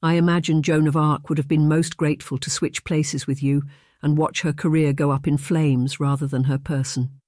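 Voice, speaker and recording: A man playing a gentle young governess. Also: fairly high pitch, little pitch movement, normal speed, dry recording, studio quality, lightly acted. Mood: earnest. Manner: quiet and polite. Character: anxious young woman governess, gentle and proper.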